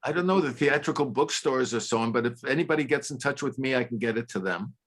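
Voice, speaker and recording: A man's voice: medium pitch, fast, fairly bright tone. An older man from New York, a film director and playwright, answering questions casually on a video call and often restarting his sentences.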